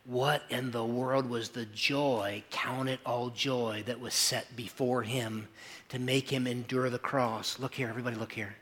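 A male pastor giving a sermon in a church service, with slow, emphatic, pleading phrasing and repeated lines. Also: mid-range voice, fairly even intonation, fairly bright tone.

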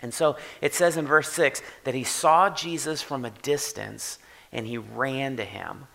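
A man preaching a sermon in a conversational way, often checking in with "right?" and swinging from quiet to loud for emphasis. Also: medium pitch, a little slow, gravelly. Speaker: pastor.

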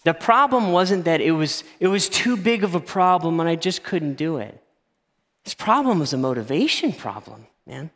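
Preacher in a reverberant hall. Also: male voice, on the high side, moderate pace. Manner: animated, acts out voices in anecdotes. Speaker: pastor. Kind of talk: sermon.

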